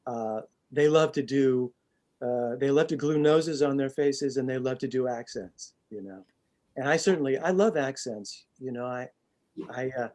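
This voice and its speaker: A stage actor in a relaxed interview, speaking over a video call in a mid-range male voice. He talks casually and pokes fun at himself, often restarting his sentences. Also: mid-range voice. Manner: chatty and self-deprecating, with many restarts.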